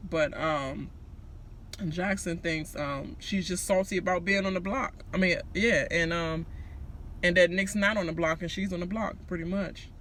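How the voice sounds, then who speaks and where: A man from Washington D.C. giving a casual ranting TV recap, profane and animated, laughing and slipping into impressions. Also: high-pitched, measured pace, slight background noise. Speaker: recap vlogger.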